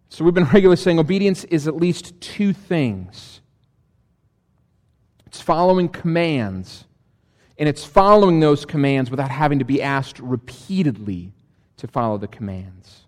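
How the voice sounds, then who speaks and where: High-voiced preacher man in a reverberant hall. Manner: wry, sarcastic asides amid scripture reading. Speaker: pastor. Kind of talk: sermon. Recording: long reverb of a large hall.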